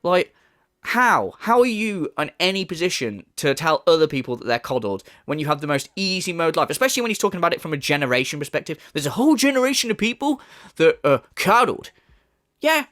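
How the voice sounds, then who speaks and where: A man's voice: a little high, big pitch swings, fairly quick, fairly bright tone, no echo, clean studio sound. A man delivering a profane, mocking rant as a commentary YouTuber. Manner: profane, mocking, laughs scornfully.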